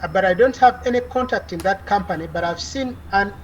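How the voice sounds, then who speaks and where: A woman's voice: mid-range voice, a little fast, muffled recording, a little hiss or hum. Woman lecturing with frequent fillers. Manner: explanatory, frequent "uh" fillers and restarts. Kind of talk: online class lecture.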